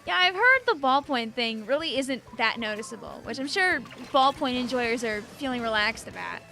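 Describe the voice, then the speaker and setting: A young woman streaming a game, chatting excitably with lots of fillers and quick reactions. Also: high-pitched, soft background music. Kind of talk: live gameplay commentary.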